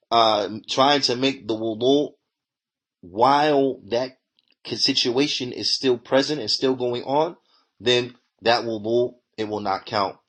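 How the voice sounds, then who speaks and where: A man teaching a religious lesson. He reads a passage in quick bursts, then explains it slowly and repeats each point. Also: medium pitch, fairly bright tone.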